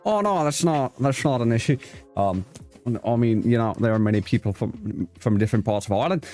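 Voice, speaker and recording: A man's voice: medium pitch, sing-song, a little fast, mellow, faint music behind. A man hosting a casual interview, laughing often, swearing loosely and restarting his sentences. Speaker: host.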